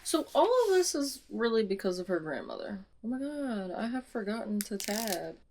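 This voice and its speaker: A young woman vlogging casually about a book she is rereading, dramatic and foul-mouthed, with sudden loud outbursts. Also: medium pitch, very animated, moderate pace, a little hiss or hum, poor audio. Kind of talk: casual reread commentary with read-aloud passages.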